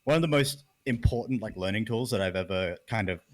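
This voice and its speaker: A man's voice: lowish voice, animated, fairly quick, no echo. An Australian man, an esports caster, talking casually on a podcast with lots of fillers and swearing. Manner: rambling, swears freely, lots of "like".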